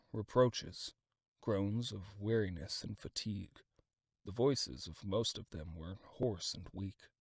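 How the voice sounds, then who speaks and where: A man reading a classic novel aloud as an audiobook, in a dramatic, expressive style of scripted narration. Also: sits low, husky, no room sound, clean studio sound.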